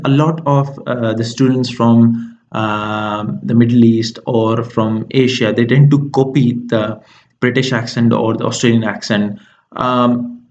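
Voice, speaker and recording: A man's voice: mid-range voice, a little mellow, muffled recording. A man explaining exam tips as a tutor, talking through each step with frequent ums and uhs.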